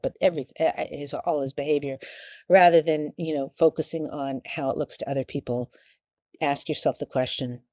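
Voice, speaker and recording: A woman hosting a marriage advice show, talking casually in a rambling, halting way and acting out the lines a wife might say. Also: very deep voice, warm tone, no room sound, clean studio sound. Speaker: talk show host giving marriage advice.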